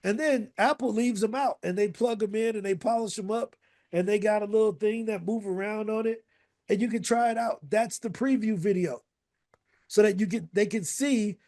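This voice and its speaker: A man coaching an online course group on a casual video call, energetic and repetitive, checking in with "right?" between points. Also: sits high.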